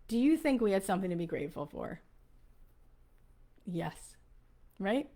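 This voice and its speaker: A woman in her forties, a podcast host, telling a personal story to her listeners in an earnest, animated way with many fillers. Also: medium pitch. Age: 40s.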